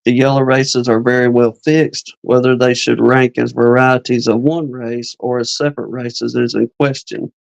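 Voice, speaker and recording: A man's voice: medium pitch, little pitch movement, gravelly, no room sound, muffled recording. A man hosting a live chat, reading an old beekeeping text aloud, tripping over words and adding casual asides. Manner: reads slowly, stumbles on words and adds asides.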